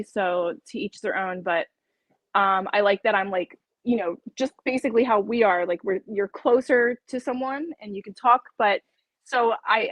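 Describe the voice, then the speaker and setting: A woman's voice: medium pitch, no echo, rough recording. A woman talking casually as an interview guest, chatty and laughing often as she acts out her own dialogue.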